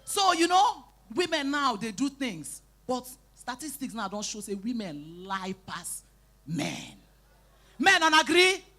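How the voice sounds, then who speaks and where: Bright-voiced Nigerian Pidgin woman comedian. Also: on the high side, measured pace. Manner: animated storytelling, bursts into shouting and acted quotes, teases the crowd. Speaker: stand-up comedian. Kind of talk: live stand-up comedy in Pidgin. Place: live event stage.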